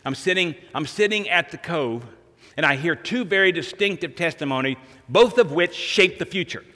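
A man preaching a sermon, telling a story with animated delivery and repeating phrases for emphasis. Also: fairly high pitch, moderate pace, in a large hall. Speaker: pastor.

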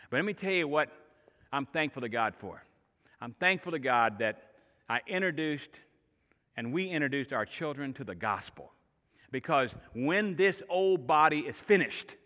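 A middle-aged man preaching a sermon as pastor, telling stories in an animated way with shifting pace and loudness. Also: a little high. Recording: long reverb of a large hall.

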